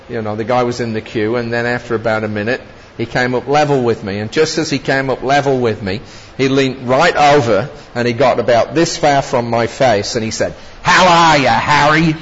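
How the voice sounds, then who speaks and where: A man recounting personal travel anecdotes in a rambling storytelling way, often chuckling and adding asides. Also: mid-range voice. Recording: dull lo-fi recording with long reverb and faint noise.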